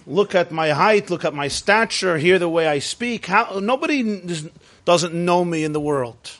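A vain, boastful male politician, indignant and insistent, fairly high-pitched, as a man puts him on. He repeats himself as he demands to be recognized. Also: animated, measured pace, a bit bright.

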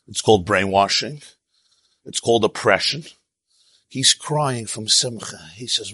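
A man giving a sermon as a rabbi, telling an animated story with quoted voices and Yiddish and Hebrew terms mixed in. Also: on the low side, a little slow, pauses often, husky, no echo. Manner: animated, tells stories with quoted voices and asides.

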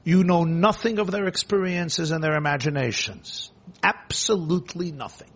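A man giving an impassioned sermon, repeating phrases and swinging between hushed and loud delivery. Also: a little high, moderate pace, husky.

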